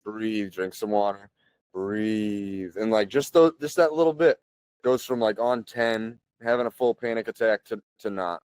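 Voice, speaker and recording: A man in his thirties, a podcast guest, talking in a relaxed, chatty way full of "like" and "you know" and clearing his throat often. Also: mid-range voice, normal speed, no room sound. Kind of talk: casual conversational storytelling.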